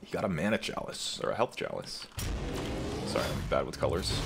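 A man's voice: a bass voice, animated, a little fast, over music. A young man giving live commentary over his own game, trash-talking opponents and joking with heavy profanity. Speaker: gaming content creator.

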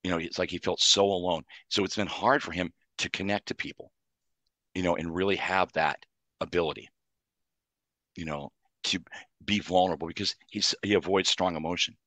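A man's voice: sits low, fairly even intonation, moderate pace, bright, forceful tone, no echo. A man, a psychologist and author, giving earnest interview answers and explaining ideas in numbered lists.

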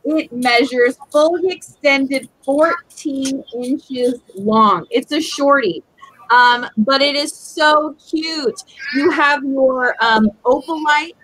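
A woman's voice: sits high, fairly bright tone, no room sound, poor audio. A woman hosting a live jewelry auction stream, chatting casually as she describes each piece.

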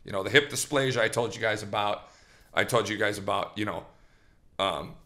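A man hosting a podcast, telling a long, rambling story in an animated, casual way, with restarts and quoted lines. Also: fairly low pitch, moderate pace. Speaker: host.

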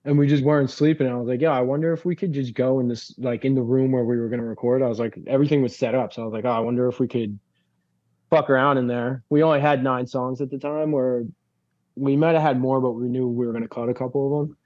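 A man's voice: mid-range voice, fairly even intonation, quick pace, a little mellow, dull audio. A man from Long Island, a band frontman as a guest, telling rambling stories in a casual chat, full of fillers and swearing. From Long Island, New York. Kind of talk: casual podcast conversation.

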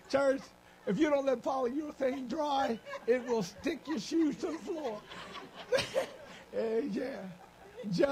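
High-pitched gravelly preaching man. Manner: animated, comic, calls out to congregation. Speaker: bishop preaching. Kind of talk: live church sermon. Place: church.

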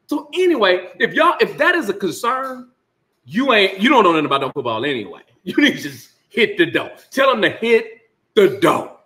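Animated, bright-voiced sports talk man. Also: high-pitched, normal speed. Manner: emphatic, sarcastic, laughing asides. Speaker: sports commentary host. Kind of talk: casual sports talk rant.

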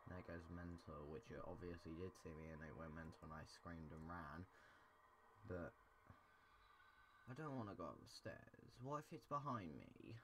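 Jittery gamer host, lowish voice with a faint hiss behind it, frightened horror playthrough chatter. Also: male voice, moderate pace, fairly bright tone. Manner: jumpy, keeps repeating he is scared, voice jumps high when startled. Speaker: gaming channel host. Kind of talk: horror game commentary. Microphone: desk microphone.

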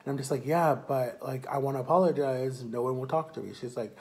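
A young man telling a personal story to camera in a casual, animated way, acting out the people he quotes. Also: medium pitch, a little fast. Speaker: vlogger.

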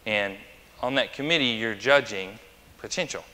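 A man's voice: on the low side, moderate pace, sharp tone. A male pastor preaching a conversational sermon, chatty and anecdotal, who asks the congregation questions. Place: church sanctuary. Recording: long church reverb.

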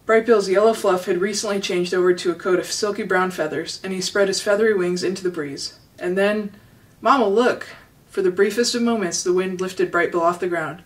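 A woman reading a children's novel aloud in a steady, gentle way. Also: on the low side, recorded from a distance, low-quality recording. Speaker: storybook reader.

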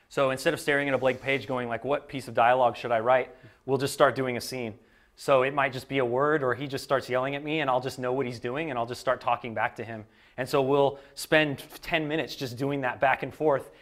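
A man on a panel, an improv performer and writer, explaining his writing process in a relaxed, filler-heavy way. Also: mid-range voice. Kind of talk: conversational panel talk.

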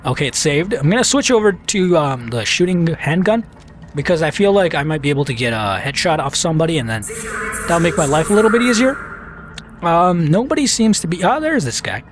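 Man, casual let's-play commentator, fairly high, lively pitch, self-mocking, faint music behind. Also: a little fast. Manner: joking, self-mocking, talks to enemies on screen.

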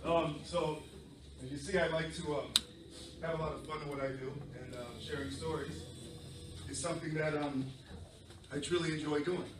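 A middle-aged man from southern New England, a storyteller telling a lively, playful story to children. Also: a little high, normal speed, over loud music. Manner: animated, playful, many fillers. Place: library event room. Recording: echoey room from far off.

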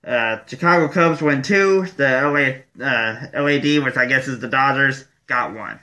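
A man's voice: mid-range voice, normal speed, sharp tone. A man from Michigan hosting his own show, ranting angrily with heavy profanity. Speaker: show host. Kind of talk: ranting vlog monologue.

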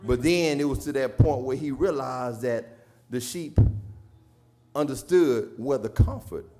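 A man with a Southern US accent preaching a sermon, moving from quiet storytelling to shouted, sung preaching. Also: medium pitch, unhurried. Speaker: pastor. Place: church sanctuary. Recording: live church stream with organ and congregation.

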